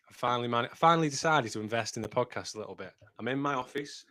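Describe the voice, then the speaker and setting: A man's voice: mid-range voice, lively intonation, very fast, hardly any pauses, sharp tone. A man hosting a running podcast from his home office, chatting casually and laughing at himself. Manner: chatty, laughing, self-mocking. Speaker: podcast host. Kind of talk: casual chat.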